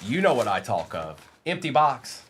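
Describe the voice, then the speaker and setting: A man's voice: medium pitch, very animated, background noise. A man hosting a live-streamed trading card break, chatting with viewers by name and reading out lists of players. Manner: talks to chat viewers by name, reads lists of names quickly. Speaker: livestream card break host. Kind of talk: casual live-stream chat.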